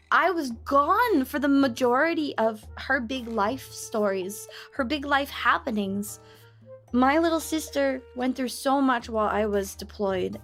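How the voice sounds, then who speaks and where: A young woman streamer chatting casually, telling stories in an excitable, gushing way. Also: sits high. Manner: excitable, gushing storyteller with lots of laughter. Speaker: VTuber streamer.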